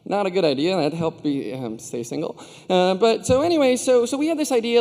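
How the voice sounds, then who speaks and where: A man in his thirties gives a storytelling commencement speech to graduates in a large arena, joking with the audience in a self-deprecating way. His high-pitched voice is expressive with a darkish tone and a moderate pace. Hall reverb from the big arena fills the recording.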